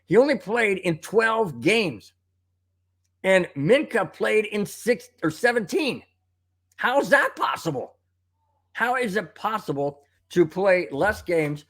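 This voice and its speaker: A man's voice: high voice, lively intonation, takes it slowly, fairly bright tone. A man with a slightly raised voice hosts a live sports talk stream. He gets worked up and rants as he answers viewer comments. A tickle in his throat sets off coughs along the way. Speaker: live show host.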